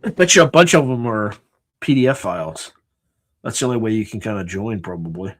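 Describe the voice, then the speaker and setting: A man's voice: on the low side, expressive, fairly quick, fairly bright tone. A man hosting a live stream, tired and yawning, reading through a list in a casual, offhand way with sarcastic asides. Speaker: livestream host.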